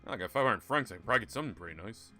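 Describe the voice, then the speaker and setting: A man's voice: lowish voice, lively intonation, rapid-fire, sharp tone, soft background music. A man giving casual, sarcastic, profane commentary while playing a point-and-click game. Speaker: gaming streamer. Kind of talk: casual let's-play commentary.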